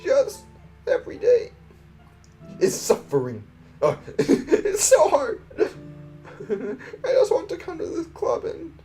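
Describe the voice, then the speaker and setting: A woman voicing a hot-tempered, prickly schoolgirl, reading a visual novel aloud with shrill, indignant yelling. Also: sing-song, a little slow, faint music behind, exaggerated voice. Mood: tearful.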